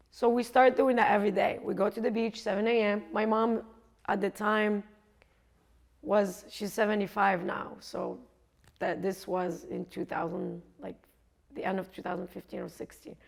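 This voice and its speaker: A woman's voice: mid-range voice, vocal fry. A woman coach telling a personal story in a chatty way, laughing often and acting out what others said. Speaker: coach and speaker.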